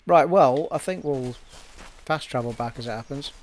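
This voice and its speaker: A man's voice: medium pitch, moderate pace, a little hiss or hum. A man giving casual, joking commentary while he plays a game. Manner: chatty, joking, muttering asides. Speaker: let's play gamer. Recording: game music faint behind.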